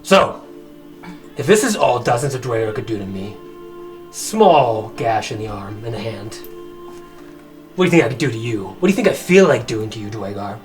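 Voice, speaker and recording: A man playing a battle-scarred male paladin in a Scottish accent, speaking slowly and menacingly. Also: mid-range voice, very animated, distant mic, soft background music, close to an everyday voice. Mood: threatening. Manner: menacing, slow and deliberate.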